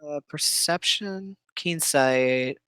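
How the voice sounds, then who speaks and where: This is a game master running a tabletop session, speaking in a smooth, resonant voice of middle pitch. The sound is dry and close, with no room around it. The pace is steady and patient, with pauses to check rules aloud before describing what happens. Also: no echo.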